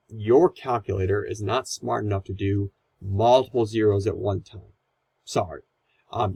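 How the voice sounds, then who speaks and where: A man's voice: on the low side, gravelly, darkish tone, slightly rough, no echo, low-quality recording. A man teaching a recorded math lesson, explaining calculator steps in a casual, conversational way.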